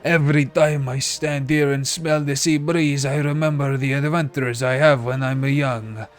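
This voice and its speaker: A man's voice: mid-range voice, steady tone, normal speed, faint music behind, close to an everyday voice. A man voicing an old Italian former sea captain, telling his tale in broken English with a put-on Italian accent. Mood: wistful.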